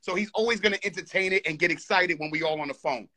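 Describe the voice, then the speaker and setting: Guy with a high sharp voice going back and forth on a live call, keeps repeating himself. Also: fast. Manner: insistent, repeats himself, talks over others. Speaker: participant in a heated live call. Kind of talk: heated argument.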